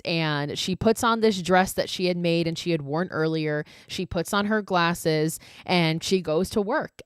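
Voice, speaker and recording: A woman hosts a podcast and recaps a horror movie casually, leaning on "like" and dropping swear words. Her voice sits on the low side for a woman. She is close to a podcast mic in a dry, dead-sounding space. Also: no room sound. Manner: chatty, peppered with "like" and swearing. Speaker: podcast host.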